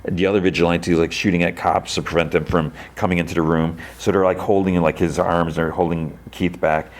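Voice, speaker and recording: A man hosting a podcast, recapping an episode casually with many fillers and jumping up in pitch when he quotes characters. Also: a little fast. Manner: animated retelling, jumps into character lines with a raised pitch. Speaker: podcast host.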